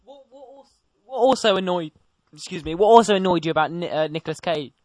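A playful young man hosting a home podcast, his voice a bit higher than most. He talks breezily into a dry, close mic. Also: fast, no echo. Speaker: podcast host. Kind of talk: casual podcast chat.

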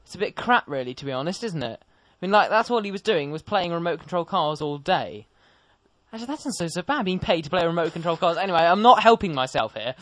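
Jokey teenage lad, high voice. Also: male voice, expressive, fast, fairly bright tone, no echo. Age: teens. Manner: jokey, playful, exaggerated. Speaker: co-host. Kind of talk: casual comedic chat.

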